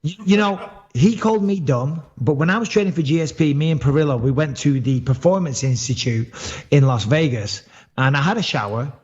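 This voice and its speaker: A man's voice: on the high side, a little fast, a little mellow, husky, highs cut off. A man hosting a podcast in casual chat, a rambling storyteller who swears freely. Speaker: podcast host.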